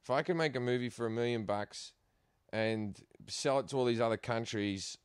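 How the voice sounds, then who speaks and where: A middle-aged Australian comedian telling stories in a casual chat, animated and quick to laugh, acting out other people's lines. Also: male voice, mid-range voice, clean tone, no room sound, clean studio sound. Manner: animated, acts out quotes in put-on voices, laughs often. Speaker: guest comedian. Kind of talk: casual storytelling.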